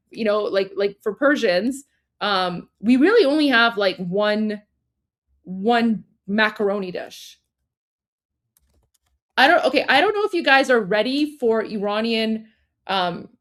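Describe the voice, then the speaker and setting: A woman co-hosting a livestream, chatting casually with lots of fillers and restarts and frequent laughter. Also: mid-range voice. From Iran. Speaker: livestream co-host.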